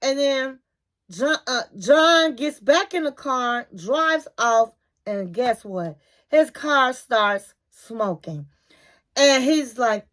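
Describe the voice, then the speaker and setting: A woman hosts a casual reality TV recap in a high-pitched voice at a slow pace. She retells the scenes animatedly, acts out what people said, and drops in chatty asides.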